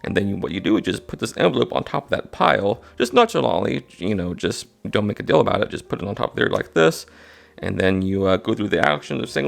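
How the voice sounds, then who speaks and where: A man's voice: lowish voice, very animated, fast talker, creaky. A man casually explaining card magic step by step, often checking in with "all right?". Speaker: magic instructor. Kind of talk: card trick tutorial.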